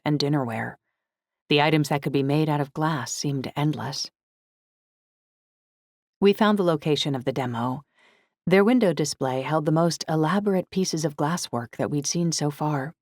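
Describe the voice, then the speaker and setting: A woman reading a first-person novel aloud in measured, scripted narration. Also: low voice, a little mellow, dry recording, clean studio sound. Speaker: audiobook narrator.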